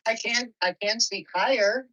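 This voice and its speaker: A woman's voice: on the high side, unhurried, a bit bright, recorded from a distance, rough recording. A woman appearing as a guest on a casual call-in chat, answering in a defensive, matter-of-fact way.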